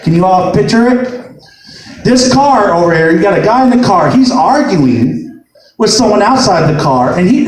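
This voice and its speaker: A man doing stand-up, telling profane true-life stories in an animated way and rising to shouted punchlines. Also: sits high, a little hiss or hum. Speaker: stand-up comedian. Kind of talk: stand-up storytelling. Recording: echoey room, mic from far off.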